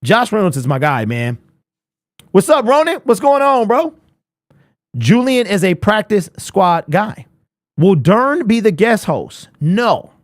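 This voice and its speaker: A young man hosting a casual sports fan live stream, animated and chatty, answering viewers in chat. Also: sits high, slow, no echo, clean studio sound. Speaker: host of a fan livestream.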